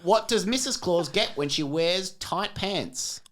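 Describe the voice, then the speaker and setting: A woman in her thirties banters on a comedy podcast, cracking cheesy puns. Her voice rises and falls a lot, bright with mischief in how she stresses punchlines. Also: on the low side, animated, slow. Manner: joking, reads corny puns with playful emphasis. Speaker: podcast co-host. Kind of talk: casual comedic podcast chat.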